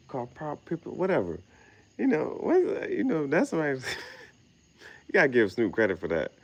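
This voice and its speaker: A man's voice: mid-range voice, sing-song, moderate pace, gravelly. A young man rambling casually outdoors at night, slangy and meandering, laughing at his own words. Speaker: vlogger. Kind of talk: rambling late-night monologue.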